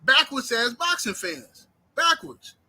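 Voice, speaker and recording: A high-pitched man with a sharp, forceful edge, hosting a heated boxing commentary. He swears freely and throws rhetorical questions at his listeners. His tone stays intense and combative. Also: expressive, normal speed. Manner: profane, fired-up, fires rhetorical questions.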